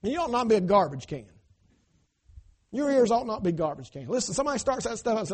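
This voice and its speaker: Male pastor, high tenor for a man, emphatic call-and-response preaching. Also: big pitch swings, fast, breathy edge. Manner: emphatic, swinging between loud cries and hushed asides, call-and-response. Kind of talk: sermon. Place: church.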